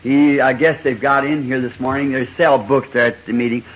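A man's voice: medium pitch, fairly even intonation, fairly quick, husky. A man, a preacher telling a rambling, folksy anecdote during a sermon and chuckling as he goes. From Southern United States. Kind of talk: sermon storytelling. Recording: muffled lo-fi old tape recording.

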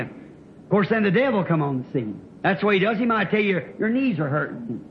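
A man with a very high, lively voice preaches a revival sermon, spinning folksy stories and breaking into shouts. The recording is muffled and lo-fi, with a faint hiss under it. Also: normal speed. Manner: folksy storytelling, bursts into shouting. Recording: dull lo-fi old sermon tape.

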